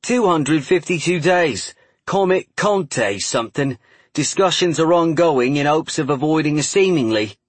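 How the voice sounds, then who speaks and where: A man's voice: a little high, animated, a little slow, no echo, pitched above the performer's own voice. A man voicing a blunt male London press photographer with a broad Cockney accent. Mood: stunned. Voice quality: loud, broad.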